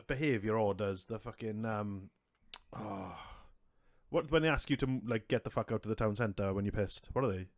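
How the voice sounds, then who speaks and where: A man with a lowish voice co-hosts a podcast, telling a rowdy, sweary story at normal speed amid plenty of laughter. It's casual storytelling chat, recorded dry with clean studio sound.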